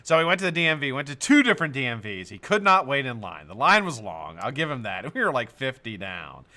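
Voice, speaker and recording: A man's voice: mid-range voice, fairly quick. A middle-aged man hosting a live stream, telling stories casually to his chat, swearing freely and laughing often. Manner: animated, profane, laughs often.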